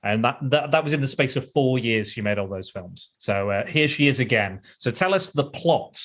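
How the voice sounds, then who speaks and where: A man's voice: mid-range voice, lively intonation, moderate pace, fairly bright tone. Chatty male podcast host, rambling. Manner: rambling, laughs often, many restarts. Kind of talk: casual podcast chat.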